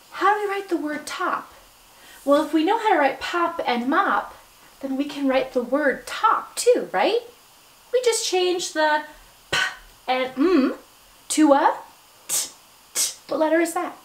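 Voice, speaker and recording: A high-pitched woman teacher leads young children through a phonics lesson, drawing each word out slowly and cheering them on with sudden excited praise. Her voice is caught from across an echoey room, away from the mic. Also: far from the mic. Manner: slow, encouraging, stretching out word sounds. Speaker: substitute teacher.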